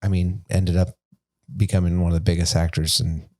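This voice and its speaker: Man, podcast co-host, rambling casual chat, lowish voice, dry close sound. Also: level tone, brisk, a little mellow, no room sound. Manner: rambling, many likes and restarts.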